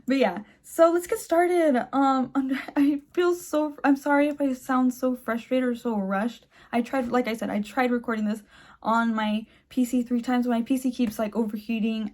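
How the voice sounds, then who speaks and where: A woman's voice: a little high, darkish tone. A young woman chatting casually and enthusiastically in a home vlog, recorded on a phone late at night, full of fillers like "like" and "um". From Mexican heritage. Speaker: channel host.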